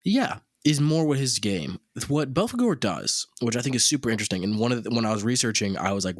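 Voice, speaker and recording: A man's voice: mid-range voice, very animated, moderate pace, no room sound, studio quality. A man co-hosting a casual podcast, telling a story in a rambling, profane way with lots of fillers. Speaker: podcast co-host.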